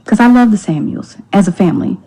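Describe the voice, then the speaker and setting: A woman's voice: medium pitch, expressive, fast, mellow, breathy edge, rough recording. A woman telling a personal story in casual talk, speaking candidly, quoting others and swearing freely, often dropping almost to a whisper. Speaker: storyteller in a clip.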